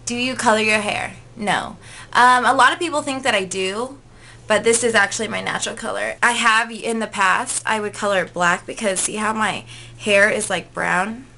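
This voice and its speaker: A woman's voice: mid-range voice, moderate pace, bright, forceful tone, slight background noise. A woman in her twenties, a vlogger, chatting casually through tag questions in a gushing way, full of "like" and "um". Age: 20s.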